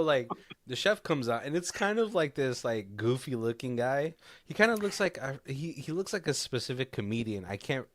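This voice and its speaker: A man's voice: mid-range voice, no room sound. A man co-hosting a casual podcast, retelling a film in a loose, rambling way and acting out the characters' lines as he goes. His voice sits in a middle range and is recorded dry and close, with no room sound around it. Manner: rambling storyteller who acts out quoted lines and laughs often. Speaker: podcast co-host. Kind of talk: casual movie recap chat.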